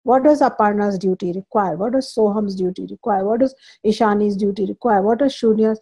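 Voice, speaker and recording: A woman's voice: mid-range voice, brisk, hardly any pauses, warm tone, slightly rough. A woman spiritual teacher lecturing a scripture class, stressing points by repeating phrases and explaining terms in English as she goes.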